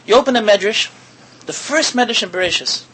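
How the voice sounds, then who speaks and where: A man giving a sermon to an audience as a rabbi, animated and full of rhetorical questions, repeating his words and mixing in Hebrew and Yiddish terms. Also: high voice, fairly quick, slightly rough, low-quality recording.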